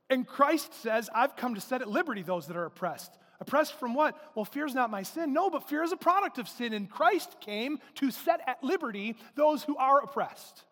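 A male pastor preaching a sermon, emphatic, rising to loud exclamations. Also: extremely high pitch, in a large hall. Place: church.

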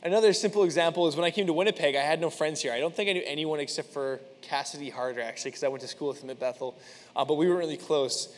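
A young man preaching in an easy, chatty way, earnest and loose with his fillers as he tells personal stories. His voice sits a little high for a man, and it rings out with the long reverb of a church hall. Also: rapid-fire. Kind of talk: casual sermon with personal stories.

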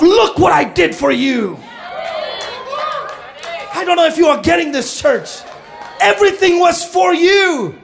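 A man preaching a sermon to his congregation, swinging between shouted fervor and hushed, intense passages. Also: very high-pitched, creaky. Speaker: pastor.

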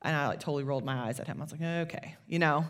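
A woman pastor, preaching a sermon in a conversational, animated storytelling way. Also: sits low, rapid-fire.

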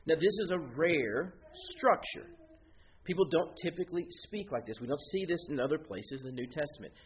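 Lively lo-fi male preacher. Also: fairly high pitch. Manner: animated teaching, explaining Greek words step by step. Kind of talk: expository sermon. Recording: dull lo-fi sound with faint noise.

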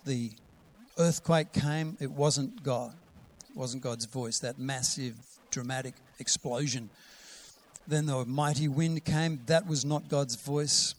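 A man preaching a sermon, quoting scripture with rising emphasis and sometimes dropping to a soft whisper. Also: medium pitch, fairly even intonation, slow. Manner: drops to a soft whisper to act out a gentle voice.

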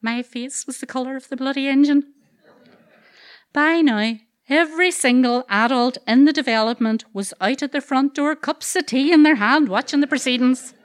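A woman's voice: high-pitched, normal speed. A woman with a Northern Irish accent telling a true story on stage, wry and earthy, swearing freely and adding comic asides. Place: live event stage.

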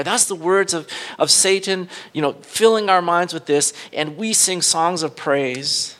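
A male pastor giving an informal, conversational sermon, thinking aloud and correcting himself as he goes. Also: a bit bright. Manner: rises in pitch and volume when retelling dramatic scenes.

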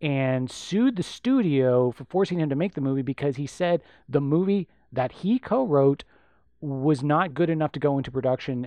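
A man's voice: mid-range voice, dark tone, no echo. A man co-hosting a podcast, chatting casually about a film, rambling with lots of fillers and restarts. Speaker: podcast co-host.

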